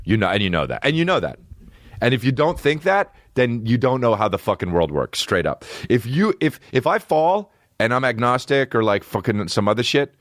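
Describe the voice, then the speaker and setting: Podcast host dude cursing a lot, lowish voice that jumps all over, super dry close sound. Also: male voice, dry recording. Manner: profane, animated ranting with repeated phrases. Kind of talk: comedic podcast riffing.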